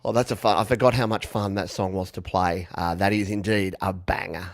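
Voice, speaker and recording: A man's voice: deep voice, steady tone, a little fast, no echo, studio quality. A man who plays viewers' song requests on guitar, chatting casually between songs in a rambling, self-mocking way with plenty of fillers and chuckles.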